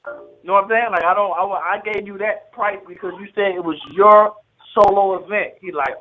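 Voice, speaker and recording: A man's voice: sits high, fairly even intonation, moderate pace. A man, a battle rapper, tells the story of a money dispute in a played interview clip, speaking in profane, streetwise language and acting out the phone calls in quoted dialogue. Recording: tinny phone-like audio.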